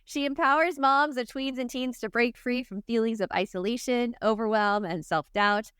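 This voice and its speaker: A woman's voice: fairly high pitch, moderate pace, a bit bright, smooth, no room sound, clean studio sound. A woman hosting a parenting podcast, chatting casually and acting out quoted lines, laughing easily. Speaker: podcast host. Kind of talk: casual interview chat.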